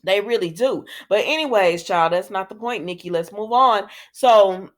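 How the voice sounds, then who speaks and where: A woman's voice: medium pitch, moderate pace. A woman recapping a soap opera in a chatty, sassy way, talking back to the characters. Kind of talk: casual chat.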